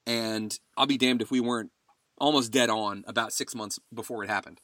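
A man's voice: medium pitch, fairly even intonation, moderate pace, a bit bright, no echo, clean studio sound. A man hosting a podcast in casual chat, telling stories animatedly and laughing along the way. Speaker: podcast host.

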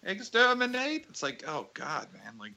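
A man's voice: fairly low pitch, animated, brisk, bright, forceful tone, highs cut off. A man in a casual podcast chat, joking and playful.

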